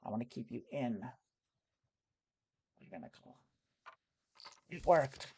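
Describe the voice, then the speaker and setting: A woman's voice: a bass voice, animated, takes it slowly, a little mellow, a little hiss or hum. A woman streaming from home, casually explaining her poker plays with some swearing. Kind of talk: casual play-by-play commentary.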